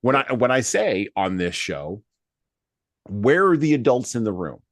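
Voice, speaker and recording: A man hosting a podcast in casual discussion, animated and fond of quick acted-out voices to make a point. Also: mid-range voice, no echo, studio quality. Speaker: podcast host.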